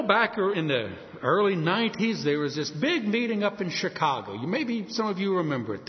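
A man preaching a sermon, emphatic, acting out back-and-forth exchanges with doubters. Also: high-pitched. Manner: emphatic, acts out quoted exchanges. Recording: dull lo-fi sound with long hall reverb.

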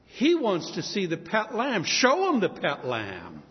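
Loud scornful rich guy, preacher doing the voice mocking a poor man, echoey muffled hall sound. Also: high voice, wildly swooping pitch, measured pace, exaggerated voice.

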